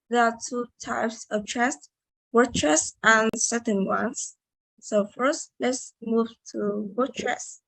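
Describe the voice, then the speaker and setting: A woman's voice: on the high side, gravelly, a bit bright, dry recording, low-quality recording. A young woman giving a class presentation, reading carefully with hesitations and restarts. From Vietnam. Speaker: student presenter. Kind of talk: class presentation on word stress.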